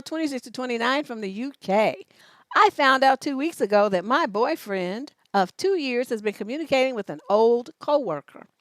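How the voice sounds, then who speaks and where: A woman's voice: sits high, no room sound. A woman relationship coach on a livestream advice show, reading out letters and answering in a blunt, profane, scolding way.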